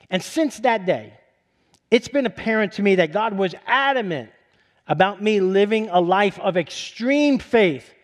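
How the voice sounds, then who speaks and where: A middle-aged male pastor preaching a sermon, telling a story with a voice that climbs when he gets excited. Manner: storytelling, voice rising high with excitement.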